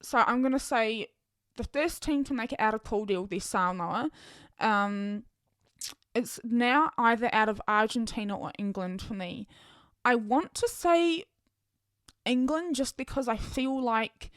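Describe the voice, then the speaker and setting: A young woman hosts her own podcast, chatting excitedly and thinking aloud with lots of ums. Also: on the high side, unhurried, no room sound, studio quality. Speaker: podcast host. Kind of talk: casual solo podcast chat.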